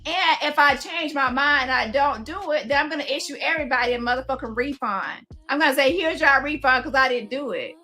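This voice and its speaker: Woman, confrontational commentary, profane, high voice. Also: expressive, a little fast, hardly any pauses, bright, forceful tone, soft background music. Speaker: commentary host. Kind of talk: heated commentary rant.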